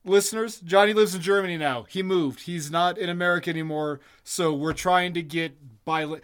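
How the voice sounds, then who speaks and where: Man, podcast co-host, a bit high-pitched, jokey, swears a lot. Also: fairly even intonation, moderate pace, few pauses, a bit bright, clear, resonant tone. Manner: joking, profane, rambling. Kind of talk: casual podcast banter.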